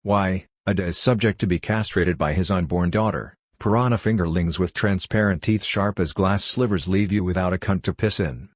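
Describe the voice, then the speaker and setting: A man giving a literary reading with an even, unhurried delivery. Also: deep voice, no room sound, clean studio sound. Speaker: reader.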